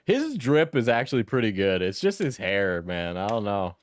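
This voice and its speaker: A man's voice: on the low side, wildly swooping pitch, normal speed. A young man streaming a reaction video, laughing often, swearing and repeating himself as he gives blunt opinions. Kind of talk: casual reaction commentary.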